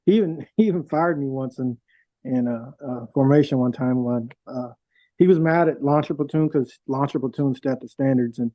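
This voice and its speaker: A man's voice: mid-range voice, normal speed, no room sound. A middle-aged man, a veteran guest, tells his stories in a casual, rambling way with many fillers and restarts. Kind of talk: casual storytelling. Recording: dull, dry lo-fi sound.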